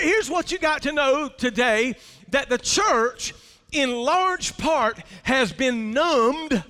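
A man's voice: very high voice, bright, forceful tone, big-room sound. An older male pastor preaching a sermon in a church, telling folksy stories and drawing out key words for emphasis. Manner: folksy storytelling with drawn-out emphasis. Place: church sanctuary.

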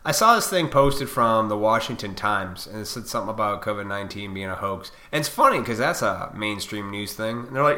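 A man in his forties rants to his viewers in a combative, profane monologue. His voice is bright and forceful. The recording picks up a noticeable echo from the room. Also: medium pitch, big pitch swings, fairly quick. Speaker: vlogger. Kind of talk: ranting monologue to camera. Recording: echoey room.

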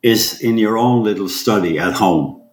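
A man from Sweden, an actor and guest, telling animated on-set anecdotes and acting out voices. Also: lowish voice, normal speed, roomy sound, a little hiss or hum. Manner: animated, acts out voices, swears casually.

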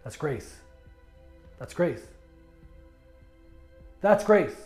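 High-voiced man preaching a sermon. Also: big pitch swings, extremely slow, darkish tone, faint music behind. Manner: passionate preaching with stammered restarts. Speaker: pastor.

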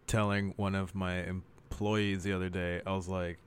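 A man with a lowish voice recounts a chat with an employee, playing both sides. His delivery drops quiet at line ends. It is loose, friendly group talk. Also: little pitch movement, moderate pace, clean tone. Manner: retells dialogue, trails off quietly. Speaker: podcast co-host. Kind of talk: casual group chat, storytelling.

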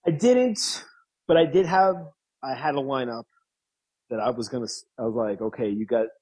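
A man in his thirties, a guest in an interview, telling stories casually, laughing often and acting out quotes in a higher voice. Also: sing-song, moderate pace, a little mellow, husky, rough recording. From New York. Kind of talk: casual storytelling.

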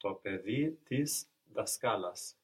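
Man, careful learner in a language lesson, slow, husky, lowish pitch. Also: lively intonation. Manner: careful, tentative answers. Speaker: language student.

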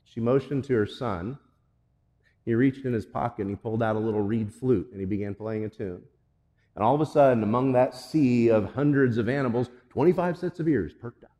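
A man's voice: medium pitch, moderate pace, mellow, long reverb tail. A male pastor preaching a sermon, telling a story and then pressing emphatic, repeated questions on the congregation.

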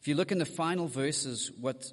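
Man, preacher, sermon, high voice, direct asides to the congregation, long church-hall reverb. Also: moderate pace.

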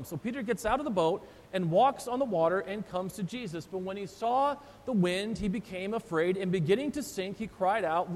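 A pastor preaching a sermon, retelling the story with animated voices for the disciples. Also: male voice, normal speed, hardly any pauses. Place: church sanctuary. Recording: long church reverb, faint rumble.

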